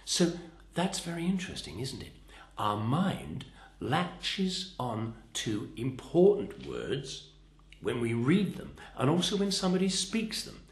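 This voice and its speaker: A man teaching how to stress the right words, with an expressive, demonstrative delivery. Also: mid-range voice, takes it slowly, roomy sound. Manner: expressive, demonstrative, shifts stress to show emphasis. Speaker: voice and speaking coach. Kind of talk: instructional talk.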